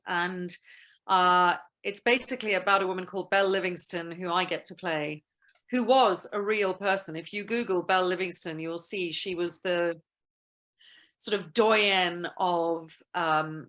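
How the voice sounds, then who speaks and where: A woman, a guest actress, telling stories in a lively, chatty way in a casual interview. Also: fairly low pitch.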